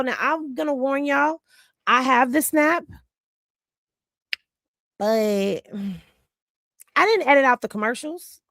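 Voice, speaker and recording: A woman's voice: mid-range voice, a bit bright, no room sound, studio quality. A tired woman, chatting with viewers about celebrity gossip on a home livestream. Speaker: livestream host. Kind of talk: casual livestream chat.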